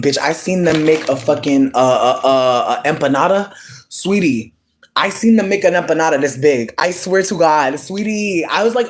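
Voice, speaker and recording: A live streamer ranting in a casual, dramatic way, swearing often, calling viewers sweetie, and jumping into sudden squeals and drawn-out words. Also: medium pitch, slight background noise.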